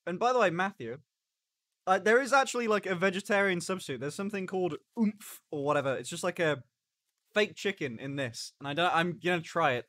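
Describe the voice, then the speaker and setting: A man's voice: on the high side, a bit bright, no room sound, studio quality. A man streaming live in casual chat, joking, swearing and eating on camera. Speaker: livestreamer.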